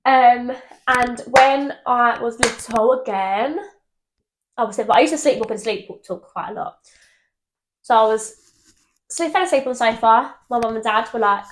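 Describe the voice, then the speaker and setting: A young woman co-hosting a podcast, telling ghost stories in animated casual chat and swearing freely. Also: fairly high pitch, moderate pace. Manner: animated storytelling, swears freely, laughs often. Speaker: podcast co-host.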